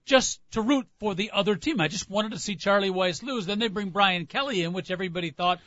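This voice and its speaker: Man, sports talk co-host, high bright voice, rambling anecdotes, muffled lo-fi sound. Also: a little fast, no echo. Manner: chatty, storytelling, easily sidetracked.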